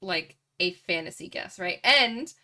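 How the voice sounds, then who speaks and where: A woman's voice: on the low side, lively intonation, a little slow, bright, forceful tone. A woman co-hosting a casual gaming podcast, easygoing, often answering with short agreeing replies. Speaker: podcast co-host. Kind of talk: casual chat.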